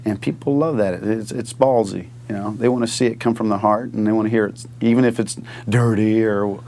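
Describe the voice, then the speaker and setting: Male interviewee, low gravelly voice, earnest and emphatic. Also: fairly even intonation, brisk, a little mellow. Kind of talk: documentary interview.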